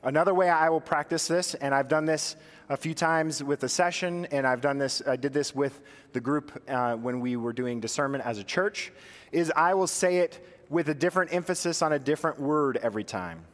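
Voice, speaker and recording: A man preaches to his congregation in a church hall, explaining prayer practices step by step. He asks his listeners questions and then answers them himself. His voice sits a little high, and a long reverb trails after his words. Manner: guides slow breathing prayer, drops soft and low on the repeated phrase. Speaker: pastor. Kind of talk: teaching sermon on prayer practices.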